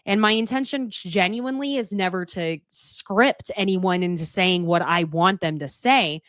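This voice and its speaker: A woman giving a casual, opinionated recap of a reality show, candid and quick to swear. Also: fairly low pitch, a bit bright, dry recording.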